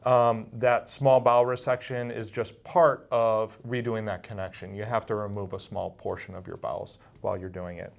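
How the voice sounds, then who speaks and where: A middle-aged male surgeon giving calm, patient medical explanations in an interview. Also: lowish voice, normal speed, gravelly, hardly any pauses. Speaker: bariatric surgeon.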